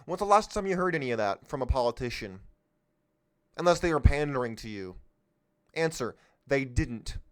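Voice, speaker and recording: A political podcast host with a smooth voice on the high side delivers an unscripted political monologue. He talks emphatically off the cuff, fires rhetorical questions at listeners, and sometimes loses his train of thought.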